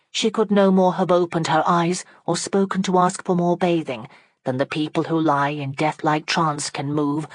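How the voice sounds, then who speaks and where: A woman reads a classic novel aloud in a measured, unhurried way. Her voice sits low for a woman, and the recording is dry and close to the mic. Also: no room sound. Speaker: audiobook narrator. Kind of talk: scripted narration.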